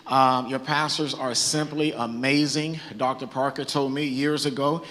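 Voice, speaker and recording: A man's voice: medium pitch, steady tone, a little slow, fairly bright tone. Earnest man preaching in a reverberant church hall. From Southern California. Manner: earnest, conversational, with many restarts. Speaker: bishop. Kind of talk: preaching from a stage.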